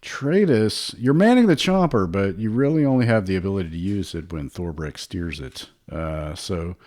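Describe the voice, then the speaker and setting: A man's voice: low-pitched, animated, moderate pace, a little mellow. A man running a tabletop role-playing game as game master, reading rules aloud in an easygoing way and laughing along with his players.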